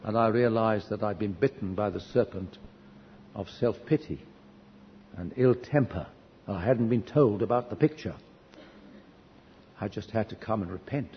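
A man preaching in a church hall, his voice carrying a long reverb through the room. He tells stories from his own life earnestly and pokes gentle fun at himself. The recording is dull and lo-fi, with a faint hiss underneath. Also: fairly low pitch, moderate pace, pauses often. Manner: earnest, self-deprecating storytelling with wry humor. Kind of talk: storytelling sermon.

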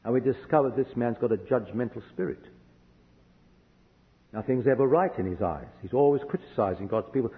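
A man from a hot country preaching a sermon, telling a personal story earnestly and vividly. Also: medium pitch. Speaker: visiting preacher. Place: church hall. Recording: echoey hall, dull lo-fi sound.

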